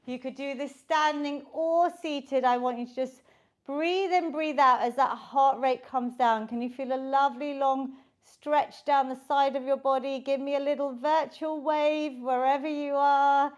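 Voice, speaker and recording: This UK fitness instructor guides a home workout, counting reps aloud and keeping her coaching cheerful and supportive. Her high voice stays fairly even in intonation, a little slow, and the sound is lo-fi.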